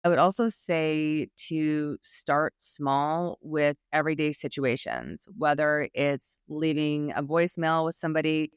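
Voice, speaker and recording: An earnest woman guest speaks on a podcast in a clear, smooth voice. She is encouraging and often restarts her sentences. The sound is dry and close, with no room echo. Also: low-pitched, measured pace, hardly any pauses. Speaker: guest expert on public speaking anxiety. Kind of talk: podcast interview.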